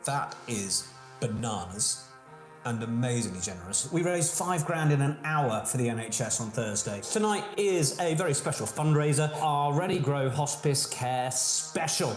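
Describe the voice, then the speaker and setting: A man's voice: mid-range voice, animated, moderate pace. A man hosting a live-streamed pub quiz, playful and cheeky, bantering with his audience. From Buckinghamshire, England. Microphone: phone. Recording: roomy room sound with faint music.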